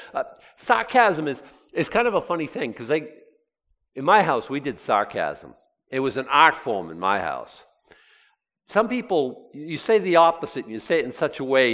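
A man's voice: mid-range voice, a bit bright. A man preaching a sermon, reading scripture aloud with sarcastic asides. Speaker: pastor.

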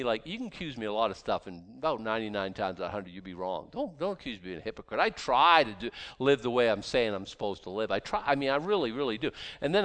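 A man reading scripture aloud and explaining it in a casual, animated way, with sarcastic asides and many restarts. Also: mid-range voice. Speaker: Bible teacher. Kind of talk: conversational Bible teaching.

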